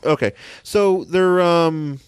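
Excitable male podcast co-host, dry sound. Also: fairly high pitch, slow, clear, resonant tone, no room sound. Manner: excited, rambling, full of restarts and silly voices. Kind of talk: casual chat.

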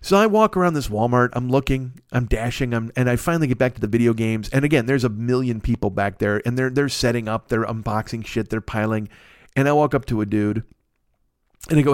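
A man hosting a podcast, telling a comic story in an animated, profane, self-mocking way. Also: medium pitch, brisk, no room sound, clean studio sound. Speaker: podcast host.

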